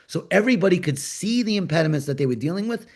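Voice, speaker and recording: A man from New York, talking in a panel discussion and telling workplace stories with lively, acted-out dialogue. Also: sits high, quick pace. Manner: animated storyteller, acts out quoted dialogue. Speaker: agile coach and panel host. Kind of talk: conversational panel talk.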